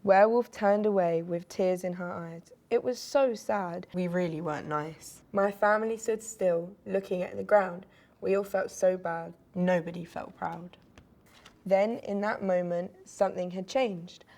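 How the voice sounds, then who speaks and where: A woman reading a rhyming children's picture book aloud with an expressive, sing-song delivery. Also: lowish voice, unhurried. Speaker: storyteller.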